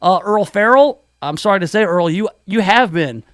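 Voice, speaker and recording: Man, radio host, joking studio banter, high voice, dry close mic. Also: expressive, normal speed, a bit bright, no room sound. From Memphis area. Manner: wisecracking, puts on hammy country DJ voices.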